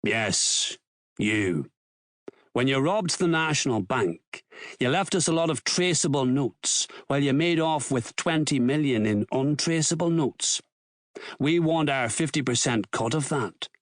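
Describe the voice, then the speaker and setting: A man voicing a menacing middle-aged crime boss with a Belfast accent, gruff, threatening and swearing. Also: mid-range voice, expressive, a little slow, no room sound, clean studio sound, natural voice.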